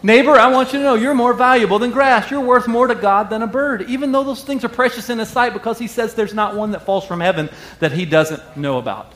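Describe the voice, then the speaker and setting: A man's voice: extremely high pitch, fairly quick, few pauses, a bit bright. A man preaching a sermon to a congregation, talking to them directly and joking with them between points. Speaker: pastor.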